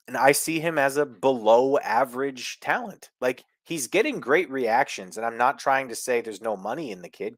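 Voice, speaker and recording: A man's voice: mid-range voice, no echo. A man from Philadelphia with a Philadelphia accent, co-hosting a casual wrestling chat and giving strong opinions in long, rambling takes full of "like" and "you know". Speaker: co-host.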